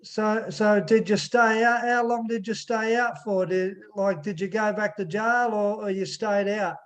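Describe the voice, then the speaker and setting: A podcast host with a notably high voice for a man. He stumbles into his questions, repeating his opening words over and over before he gets to the point. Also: fairly even intonation. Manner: halting, repeats words when starting questions. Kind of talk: interviewing.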